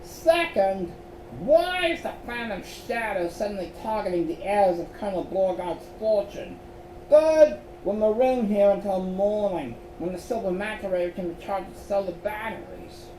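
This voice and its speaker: A man's voice: high voice, animated, warm tone, a little hiss or hum, voice pushed up. A man voicing Heather, a confident young girl laying out a plan point by point. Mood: resolute. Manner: brisk and methodical. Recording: roomy echo.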